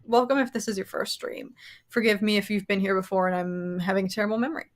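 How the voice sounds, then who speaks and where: An American woman co-hosting a casual livestream chat, excitable and quick to laugh as she talks to her viewers. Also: mid-range voice. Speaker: livestream co-host.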